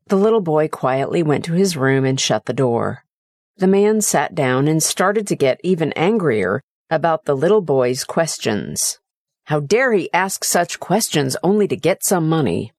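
A woman narrating a short story in an expressive, dramatic way. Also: low voice, measured pace, no echo, studio quality.

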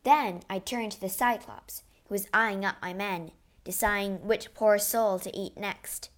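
A woman reads an adventure tale aloud in the first person, with an expressive, storybook delivery. Her pace is slow and deliberate, and her pitch sits in a moderate middle range. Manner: expressive, measured. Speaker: narrator.

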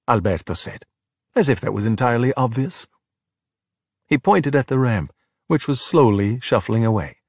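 A man narrating a children's storybook in an expressive, animated way. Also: mid-range voice, moderate pace, breathy edge, no room sound, studio quality. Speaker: audiobook narrator. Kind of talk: storybook reading.

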